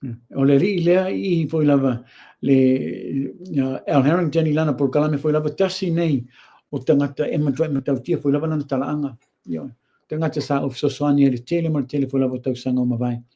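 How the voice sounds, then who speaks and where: Man, Samoan accent, outspoken host, slightly high, dark mellow tone. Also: fast talker, vocal fry. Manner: blunt, opinionated, switches between Samoan and English. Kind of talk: casual commentary.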